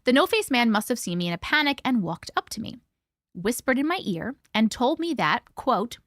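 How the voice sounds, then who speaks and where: A woman's voice: fairly high pitch, sing-song, normal speed, a bit bright, no echo, studio quality. A woman hosting a live stream, reading a listener's story aloud bluntly and expressively, with profanity and reactions. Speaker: host reading listener stories.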